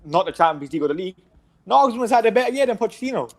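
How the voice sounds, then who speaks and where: A man, arguing football in casual banter on a panel show, defensive and teasing. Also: high-pitched. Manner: animated, defensive, quick teasing retorts.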